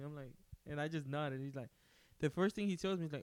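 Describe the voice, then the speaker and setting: A man's voice: a little high, big pitch swings, moderate pace, a little mellow, dry recording. A man, co-hosting a podcast, telling a story casually with swearing and laughter. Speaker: podcast co-host. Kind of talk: casual chat.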